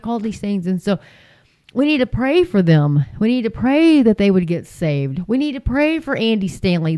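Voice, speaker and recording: A woman's voice: medium pitch, warm tone, no echo. A woman giving impassioned religious commentary, emphatic and repetitive, with frequent fillers. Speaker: Christian commentator.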